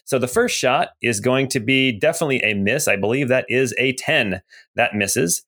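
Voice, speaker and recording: A man's voice: mid-range voice, normal speed, a bit bright. A man running a tabletop game, describing scenes and calling turns. He is easygoing and chatty, leaning on fillers as he narrates. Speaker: game master.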